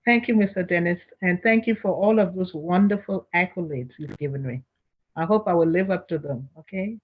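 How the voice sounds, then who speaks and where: A woman speaking as an interview guest in a measured, earnest way. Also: lowish voice, breathy edge, narrow, tinny audio. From Liberia. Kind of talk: interview conversation.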